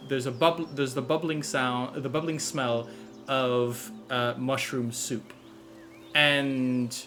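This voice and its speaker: Unhurried man running a tabletop game. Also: mid-range voice, a bit bright, slight background noise. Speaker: game master.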